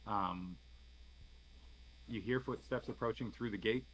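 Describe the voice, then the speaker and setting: A man narrating as game master in a tabletop game, halting with many fillers. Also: fairly low pitch, a little hiss or hum, low-quality recording.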